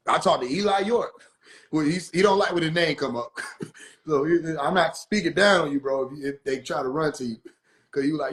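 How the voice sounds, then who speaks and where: A man with a fairly high-pitched voice talks casually on a livestream. He tells his story with animated energy, swears freely, laughs often and acts out the people he quotes. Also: fairly quick. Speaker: livestream host.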